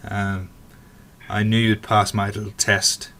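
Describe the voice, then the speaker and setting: A man's voice: lowish voice, monotone, slow, creaky, bright, forceful tone, heavily acted. A man voicing a pompous, scheming older male mentor who talks smugly.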